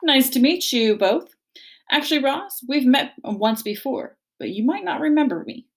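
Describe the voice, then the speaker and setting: A friendly, talkative female otter, quick to apologize and eager to share a story, as a woman reads her aloud. Her voice rides high with a slight rasp. Storybook warmth in a small animal. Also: big pitch swings. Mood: chatty.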